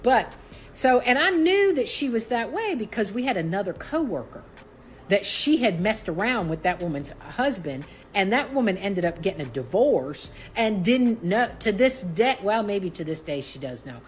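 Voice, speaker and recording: A woman's voice: mid-range voice, very animated, normal speed, faint music behind, rough recording. A woman tells a personal story in an emphatic, dramatic way, swearing bluntly. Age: 60s. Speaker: guest.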